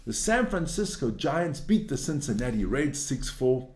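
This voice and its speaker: A man's voice: mid-range voice, big pitch swings, measured pace, darkish tone, echoey room. A man hosting a sports news show, reading through results in a casual, blunt and opinionated way, ranting and cursing as he goes.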